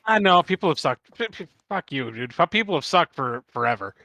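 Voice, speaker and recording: A man with a Midwestern accent, co-hosting a casual podcast chat, halting and swearing casually. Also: a little high, sing-song, sharp tone, no echo. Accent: Midwestern American. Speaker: guest host.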